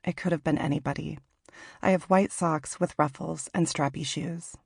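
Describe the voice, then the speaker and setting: A woman in her late thirties from Washington in the Pacific Northwest, reading her own memoir aloud in a measured, reflective way. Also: deep voice, fairly even intonation, gravelly, a little mellow, husky, dry recording, studio quality. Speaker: author narrating her memoir. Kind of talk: audiobook memoir narration.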